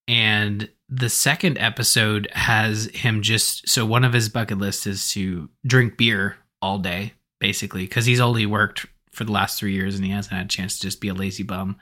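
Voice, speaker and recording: A man's voice: lowish voice, sharp tone. A man co-hosting a podcast in casual chat, rambling with lots of fillers and restarts. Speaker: podcast co-host.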